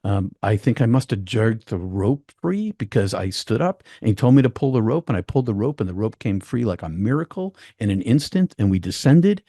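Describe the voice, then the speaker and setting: Low, mellow male guest, dry sound, halting, repeats words. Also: big pitch swings, no room sound. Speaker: podcast guest. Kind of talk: personal storytelling.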